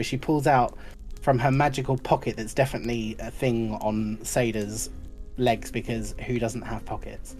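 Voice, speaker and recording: A woman narrating a tabletop game as game master, in a lively, playful way. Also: extremely low pitch, moderate pace, faint music behind.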